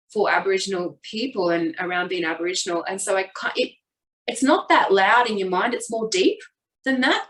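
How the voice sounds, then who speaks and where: A woman's voice: medium pitch, fairly bright tone, recorded from a distance. Open, reflective young Australian woman guest, recorded in an echoey room away from the mic. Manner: open, reflective, with quick bursts when retelling. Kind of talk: candid personal storytelling.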